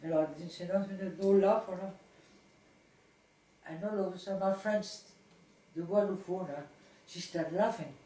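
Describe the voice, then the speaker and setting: Older woman telling a lively family story. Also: lowish voice, normal speed, long pauses. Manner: lively anecdotal telling with laughter and restarts. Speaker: mother recounting memories. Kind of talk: family storytelling, home recording. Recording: roomy, distant, faint background hiss.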